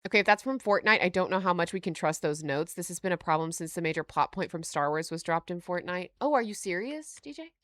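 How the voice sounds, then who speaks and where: A woman hosting a live stream, reading notes aloud and reacting to chat with frequent laughter and animated asides. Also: lowish voice, quick pace, few pauses, no room sound, studio quality. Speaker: livestream host.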